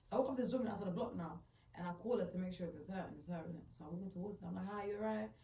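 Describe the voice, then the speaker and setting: A woman's voice: on the low side, rapid-fire, dark tone, slight background noise. A woman retelling a personal story in an emotional, rambling way, full of "like". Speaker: vlogger. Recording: roomy, distant mic, faint ambience.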